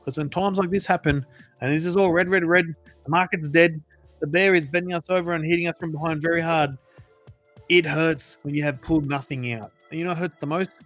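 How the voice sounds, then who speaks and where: A man's voice: a little high, fairly even intonation, brisk, a bit bright, faint music behind. A man hosting a crypto channel, giving casual, emphatic advice to his viewers and repeating phrases for emphasis.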